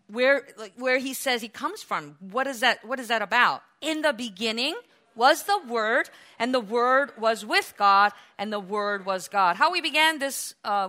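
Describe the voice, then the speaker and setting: A woman preaching a sermon and reading scripture, fervent, rising to loud exclamations and asking her listeners questions she then answers. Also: a little high.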